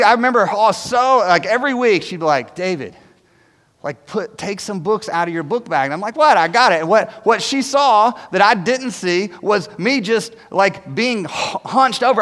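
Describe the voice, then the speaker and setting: Pastor, male, high-pitched, animated casual preaching style, church hall with long echo. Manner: conversational, animated, frequent "right?" asides. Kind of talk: sermon. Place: church sanctuary.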